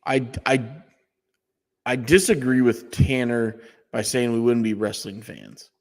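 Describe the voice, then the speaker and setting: A man's voice: medium pitch, steady tone, measured pace. A man co-hosting a wrestling podcast, talking bluntly and swearing freely in casual chat. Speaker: podcast co-host. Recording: long echoey reverb.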